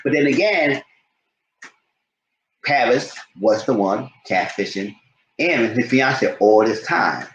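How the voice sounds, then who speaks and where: A man giving a rambling, animated recap of a TV episode in a casual commentary style. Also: medium pitch, takes it slowly, pauses often, muffled recording, slight background noise. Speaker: TV show reviewer. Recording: roomy echo.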